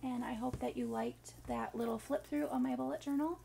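Gravelly-voiced woman vlogger, rambling. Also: a little high, fairly even intonation, fairly quick, mellow, a little hiss or hum. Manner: rambling, emotional storytelling with many fillers. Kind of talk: casual vlog talk.

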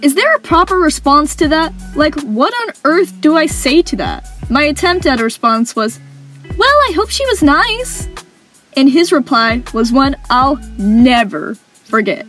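A woman's voice: high voice, moderate pace, fairly bright tone, faint music behind. A young woman narrating funny work stories with wry, sarcastic humor. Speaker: animation storyteller. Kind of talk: story-time narration.

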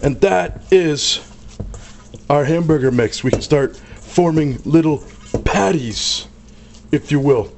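A man's voice: on the high side, slow pace, gravelly, background noise. Brash joking cooking show guy. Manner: joking, brash, talks to crew. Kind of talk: casual cooking demonstration. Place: kitchen with grill.

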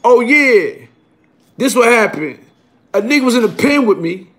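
A man's voice: extremely high pitch, lively intonation, measured pace, fairly bright tone. A middle-aged man with a New York accent telling a casual story in streetwise, profane slang, checking in with the listener again and again. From Brooklyn, New York. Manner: streetwise, profane, keeps asking "you heard?".

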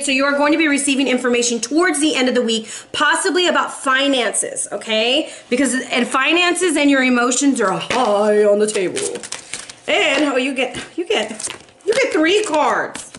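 A woman's voice: sits high, expressive, moderate pace, a bit bright. A woman in her forties giving a casual tarot reading for viewers, earnest and emotional, sighing between messages. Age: 40s. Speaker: tarot reader.

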